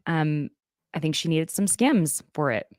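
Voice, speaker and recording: A woman's voice: low-pitched, animated, unhurried, darkish tone, no echo, clean studio sound. A young adult woman with a slight Southern accent, hosting a casual gossip recap and laughing often. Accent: Southern American. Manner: chatty, laughs often, reads quotes aloud. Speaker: podcast host.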